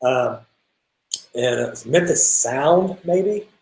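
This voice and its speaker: Man, young adult, casual interview, animated storytelling, echoey sound. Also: medium pitch, takes it slowly. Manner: animated, lots of restarts, quotes people in acted voices. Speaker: guest drummer. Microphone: video call. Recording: roomy echo.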